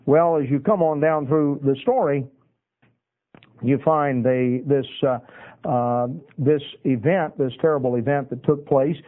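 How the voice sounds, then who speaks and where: A man preaching a sermon, retelling Bible passages in a folksy way with many pauses and uhs. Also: medium pitch. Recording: tinny phone-like radio broadcast.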